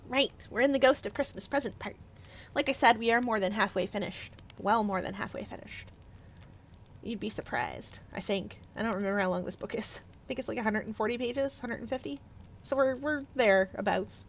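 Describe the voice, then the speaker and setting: A woman streamer reading a classic story aloud on a live stream and chatting excitedly with viewers. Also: on the high side, moderate pace, slight background noise.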